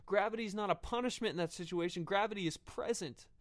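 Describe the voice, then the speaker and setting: A man preaching a sermon earnestly, often pausing with fillers and restarting his phrases. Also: high-pitched.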